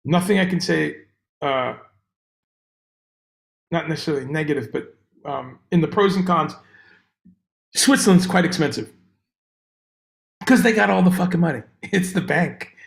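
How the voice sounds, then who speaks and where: A man hosting a casual livestream chat, rambling and animated as he greets viewers by name. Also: fairly high pitch, normal speed, vocal fry, long pauses. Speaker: livestream host. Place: room on tour abroad. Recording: echoey room.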